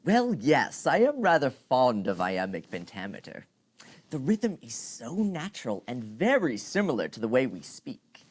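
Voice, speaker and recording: A woman's voice: extremely low pitch, big pitch swings, measured pace, a little mellow, husky, pitched below the performer's own voice, full character voice. A woman voicing a pompous, self-satisfied old playwright in a comic lesson.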